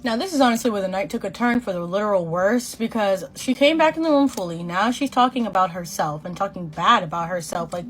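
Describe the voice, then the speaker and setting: This young woman, a twenty-something beauty vlogger from Boston, USA, swears and uses slang as she animatedly recounts a story during her makeup routine, imitating people's voices. Her mid-range voice moves briskly with few pauses, and faint music plays behind her.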